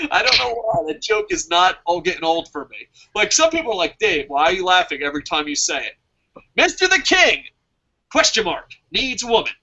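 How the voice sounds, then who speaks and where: A man's voice: high-pitched, big pitch swings, moderate pace, sharp tone, highs cut off. A man hosting a fantasy wrestling draft show, talking in a casual, profane way and laughing at his own jokes.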